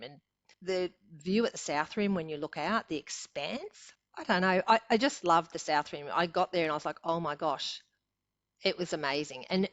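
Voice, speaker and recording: A woman's voice: fairly low pitch, dry recording, muffled recording. Chatty Australian woman in her sixties. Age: 60s. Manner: chatty, laughs often while telling stories. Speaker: podcast guest. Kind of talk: casual storytelling.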